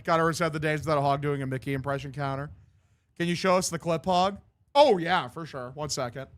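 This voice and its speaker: A man's voice: fairly high pitch, a little fast, fairly bright tone. A young man hosting a livestream, giving loose, joking play-by-play of a baseball game and swearing freely. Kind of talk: casual live-stream commentary.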